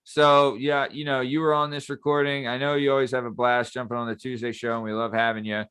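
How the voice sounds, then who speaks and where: A man's voice: medium pitch, a little fast, clear, resonant tone. A man hosting a podcast, chatting casually with his friends and joking with a lot of swearing. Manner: joking, profane, animated. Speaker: podcast host. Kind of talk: casual chat.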